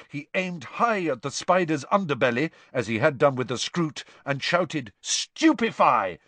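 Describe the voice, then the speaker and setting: Brief: male storyteller, animated dramatic reading, very lively pitch, dry close-miked sound. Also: no echo. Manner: expressive, rises with the action. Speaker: audiobook narrator.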